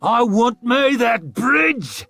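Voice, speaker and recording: A man voicing a bloodthirsty young warrior who snarls and shouts in battle. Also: extremely high pitch, big pitch swings, extremely slow, creaky, no room sound, voice pushed up, heavily acted. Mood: snarling. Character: savage young male warrior, bloodthirsty braggart.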